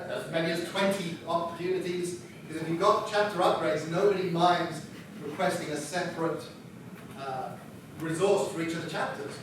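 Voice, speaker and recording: A man's voice: on the high side, background noise. A man giving an instructional talk on writing a book, chatty with self-deprecating humor. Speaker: book publisher presenting a workshop. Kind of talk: instructional presentation. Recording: echoey room picked up from a distance.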